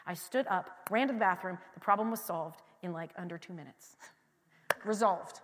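A woman pastor giving a candid, conversational sermon with personal stories and frequent restarts, moving between quiet confiding and loud emphatic passages. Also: medium pitch, fairly quick. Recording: long hall reverb.

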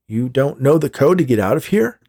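A man voicing a desperate escaped male convict, pleading and angry, rising to shouts. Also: medium pitch, sing-song, a little fast, slightly rough, voice pushed up. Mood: incredulous.

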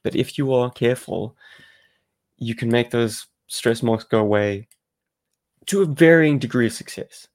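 A man's voice: mid-range voice, unhurried, pauses often, darkish tone. A South African man co-hosting a podcast, chatting casually and explaining things at length. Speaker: podcast co-host.

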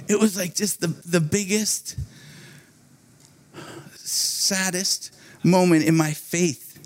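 A man preaching a sermon, telling a personal story in an animated way, often laughing between phrases. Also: sits high, takes it slowly, long pauses.

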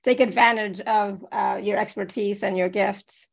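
Gravelly-voiced woman hosting a live chat. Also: mid-range voice, steady tone, measured pace. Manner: chatty, laughs often, restarts sentences. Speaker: host. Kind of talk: casual live online chat.

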